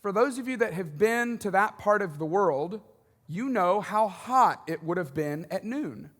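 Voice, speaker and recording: A man with a high voice delivers a sermon in a lively, conversational way, tossing in quick jokes and asides. His voice carries the long reverb of a large church auditorium. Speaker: pastor.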